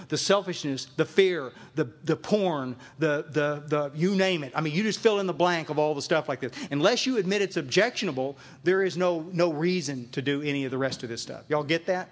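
A man addresses a live meeting, his voice sitting fairly high for a man. He talks with emphatic force and circles back on his phrases to drive them home. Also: fairly quick, few pauses. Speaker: recovery group speaker and sponsor. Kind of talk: speaking to a live meeting audience. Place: meeting room with a live audience.

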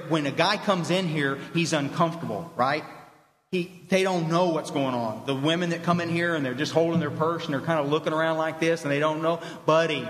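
A man giving a blunt, animated motivational talk to an audience at a recovery fellowship meeting in a meeting hall. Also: fairly high pitch. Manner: animated storytelling, blunt, direct address. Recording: echoey hall reverb.

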